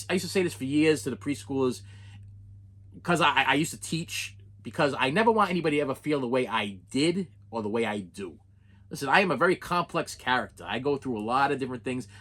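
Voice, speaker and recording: A man's voice: mid-range voice, a bit bright. A middle-aged man ranting in an unscripted vlog, frustrated and repetitive, full of restarts. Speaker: collector vlogger.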